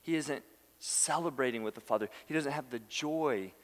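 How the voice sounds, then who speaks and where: A man preaching a sermon, telling a story with lively acted-out quotes and laughing asides. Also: medium pitch, moderate pace. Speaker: pastor. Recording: long hall reverb.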